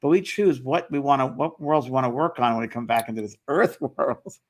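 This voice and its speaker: A man hosting a casual chat, telling a story animatedly and briefly voicing the people in it. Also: medium pitch. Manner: animated storytelling, quotes others with quick voice shifts. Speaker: host.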